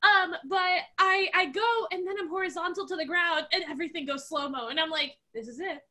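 High, bright-voiced woman telling a wild story. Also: brisk. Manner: loud, laughing, swearing, acts out voices. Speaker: podcast co-host. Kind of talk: animated storytelling in casual chat.

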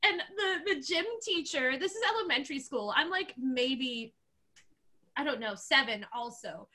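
A woman co-hosting a podcast, telling a story in a loud, laughing, animated way, swearing and acting out the voices. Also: high-pitched, measured pace. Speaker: podcast co-host. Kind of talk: animated storytelling in casual chat.

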